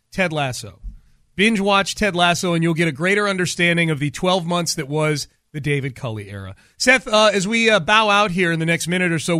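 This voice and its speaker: A man's voice: high-pitched, sharp tone, no room sound, studio quality. A man hosting a sports radio show, upbeat and chatty as he wraps up. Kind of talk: casual sports chat.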